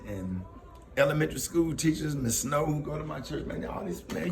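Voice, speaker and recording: A gravelly, medium-pitched man hosts a radio show, telling personal stories casually on air. He laughs often and voices the people he quotes.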